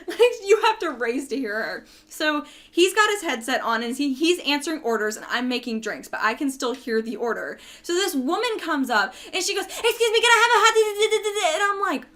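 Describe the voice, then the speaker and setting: A young woman casually telling animated stories, laughing as she acts out customers and coworkers. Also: high voice. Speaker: storyteller. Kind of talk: casual chat.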